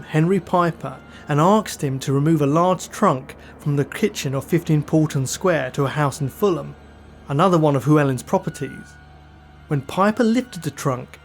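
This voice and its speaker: A man narrates true crime for his podcast in a measured, dry, scripted delivery, dropping in the occasional wry aside. His voice sits a touch higher than most men's. A soft music bed runs quietly beneath him. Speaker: podcast host.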